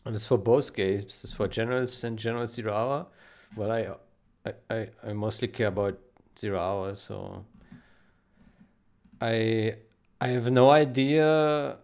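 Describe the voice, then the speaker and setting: Gravelly man stammering with joy. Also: on the low side, steady tone, a little mellow. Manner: halting, repeats himself, overwhelmed with joy. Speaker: game modding developer. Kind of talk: casual emotional vlog recording.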